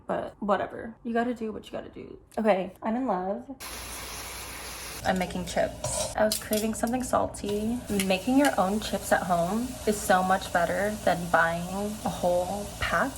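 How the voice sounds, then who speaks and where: A woman's voice: medium pitch, a little hiss or hum, poor audio. A young woman vlogging casually, chatty and self-conscious, clipping her words short. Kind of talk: casual vlog talk. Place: home kitchen, then car.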